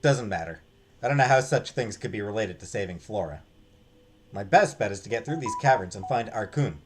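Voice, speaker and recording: Game voice: a man doing a stubborn young adventurer, urgent and defiant, husky and animated. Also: lowish voice, fairly quick. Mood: determined.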